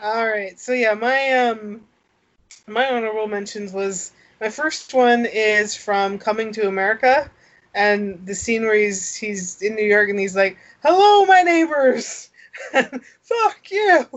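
A woman's voice: medium pitch, steady tone, a little slow, fairly bright tone. A woman co-hosting a casual chat, laughing often and restarting her sentences. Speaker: podcast co-host. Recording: dull lo-fi sound.

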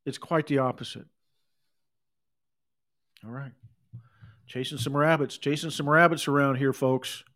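A middle-aged man preaching a sermon, reading scripture and breaking off into conversational asides and quick acted quotes. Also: mid-range voice, fairly even intonation, a bit bright. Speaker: pastor.

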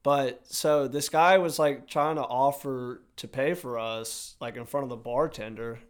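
A young man casually telling a story on a podcast, animated and profane, acting out what people said. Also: medium pitch, measured pace, clean tone.

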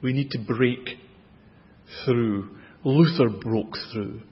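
A man with a Scottish accent preaching a sermon, expressive, with dramatic rises in pitch and volume. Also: slow pace. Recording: dull, lo-fi with long hall reverb.

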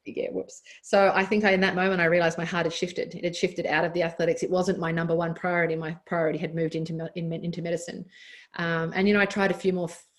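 A woman with an Australian accent speaks fast and openly in a relaxed podcast interview. Her voice sits a little low, and she restarts sentences and laughs easily as she talks. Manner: candid, laughs often, many restarts. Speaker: podcast guest, doctor and former Olympic athlete. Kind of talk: casual interview chat.

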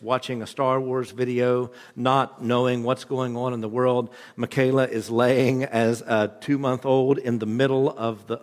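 Joking pastor preaching in a reverberant hall. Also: male voice, medium pitch. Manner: conversational, joking storytelling. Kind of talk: sermon. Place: church hall.

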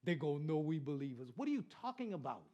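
Man, pastor, lively sermon, high voice, repeats phrases, banters with congregation. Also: fast talker, muffled recording. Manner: animated preaching with repetition and crowd banter. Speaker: pastor and Christian rapper.

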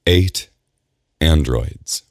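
A man voicing a caring female android who speaks softly and reassuringly. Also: rumbling low, very slow, no room sound, clean studio sound, exaggerated voice. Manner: soft and reassuring.

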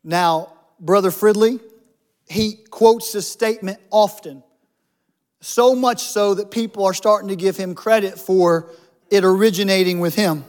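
High-pitched male pastor, chatty sermon style with jokes thrown in. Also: unhurried, darkish tone. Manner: humorous, conversational preaching with asides.

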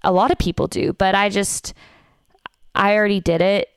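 A woman's voice: medium pitch, moderate pace, clear, resonant tone, no room sound, clean studio sound. A young woman from Canada, a comedian casually telling a story on a podcast and acting out what people said. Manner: animated, acts out quotes.

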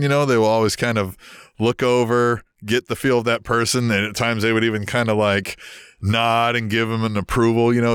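A man co-hosting a podcast, telling old stories in a rambling, casual way and getting animated when he quotes people. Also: medium pitch, clean tone, no room sound, studio quality. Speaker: podcast co-host. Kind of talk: casual storytelling chat. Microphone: video call.

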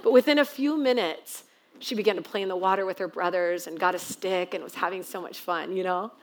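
A woman's voice: fairly low pitch, a little fast. A woman guest pastor giving a sermon, telling a story in a chatty, self-mocking way.

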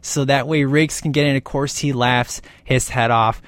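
A man talking casually and with excitement through a movie's scenes, gushing as he goes and often tagging "man" onto his lines. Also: medium pitch, normal speed, dry recording. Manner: gushing and animated, keeps saying "man". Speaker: film commentator.

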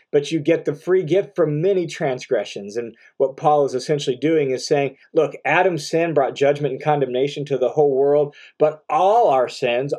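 A man's voice: a little high, a little mellow. A man giving a verse-by-verse Bible commentary, reading verses aloud and explaining them in a conversational teaching manner. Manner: occasional fillers and restarts, conversational teaching.

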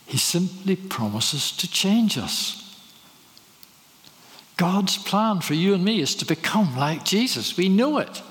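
A man's voice: high voice, big pitch swings, takes it slowly, fairly bright tone. A man preaching a sermon, telling stories and asking rhetorical questions. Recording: reverberant hall.

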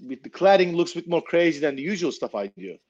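A knife maker telling a story casually, blunt and swearing freely. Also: male voice, fairly high pitch, big pitch swings, quick pace, darkish tone, dull audio.

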